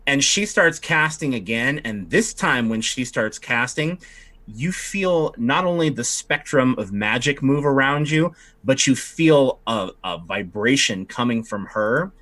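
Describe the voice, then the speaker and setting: A man's voice: medium pitch, lively intonation, a little slow, fairly bright tone. A man narrating as game master, rambling with many fillers and restarts.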